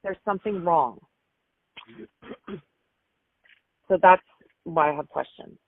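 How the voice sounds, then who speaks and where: A grieving mother telling stories about her son in a halting, emotional way, often repeating herself. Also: lowish voice, dry recording. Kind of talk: phone interview storytelling. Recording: tinny phone line, dry.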